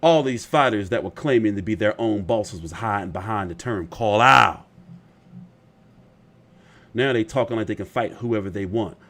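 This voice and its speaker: A man's voice: fairly low pitch, normal speed, fairly bright tone. A man hosting casual boxing commentary, rambling and opinionated, often profane.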